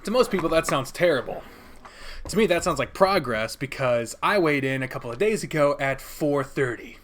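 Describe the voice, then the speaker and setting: A man's voice: fairly high pitch, lively intonation, normal speed, a bit bright, slight background noise. A man reading a visual novel aloud on a stream and chatting loosely between passages, joking and swearing freely.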